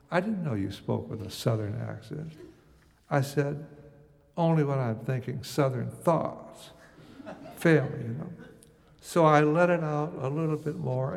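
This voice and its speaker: A man's voice: on the high side, creaky, in a large hall. An older man from the United States telling a wry, musing first-person story.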